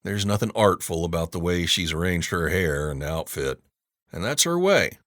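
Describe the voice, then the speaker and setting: A man with a very deep voice narrating an audiobook in the first person, gruff and wry in tone. His delivery swings widely in pitch, and the sound is close and dry. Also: lively intonation, normal speed, a bit bright, dry recording.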